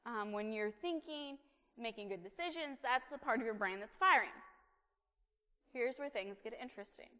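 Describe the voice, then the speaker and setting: A woman in her thirties giving a chatty, humorous sermon in a church, full of lively asides. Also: fairly high pitch, moderate pace. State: caffeinated, fast-talking. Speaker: preacher. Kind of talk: conversational sermon. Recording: long reverb of a church hall.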